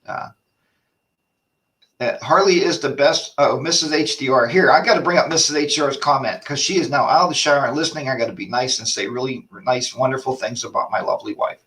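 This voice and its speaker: A man's voice: mid-range voice, brisk, a bit bright, far from the mic. A man hosting a casual live-stream chat, rambling and ranting while reading viewer comments aloud. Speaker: host of a motorcycle chat show.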